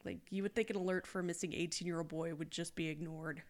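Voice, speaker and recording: A woman's voice: on the low side, fairly even intonation, quick pace. A woman from Texas co-hosting a podcast, recapping a documentary in casual chat with dry, sarcastic asides and swearing. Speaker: podcast co-host.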